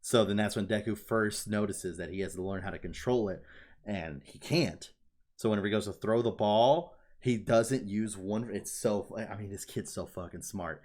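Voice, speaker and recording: A man with a fairly low voice talks through a story on a casual podcast. He gets excitable and swears freely, peppering his talk with "like.". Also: moderate pace. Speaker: podcast co-host. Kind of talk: casual chat, retelling an anime plot.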